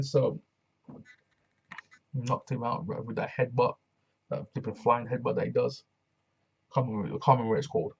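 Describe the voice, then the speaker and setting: A man casually reviewing a wrestling show alone, slangy and excitable, often repeating himself. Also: medium pitch, normal speed, creaky, pauses often, dull audio.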